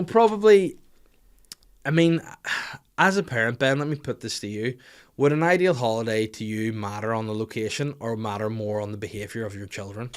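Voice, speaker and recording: A man's voice: medium pitch, clear, resonant tone. Male podcast host, 30s, crude sweary comic chat. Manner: crude, sweary, animated storytelling.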